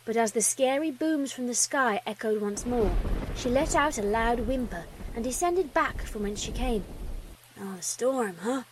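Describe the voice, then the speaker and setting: A woman reading a fan story aloud as the narrator, with expressive delivery. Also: on the high side, moderate pace, slight background noise, rough recording.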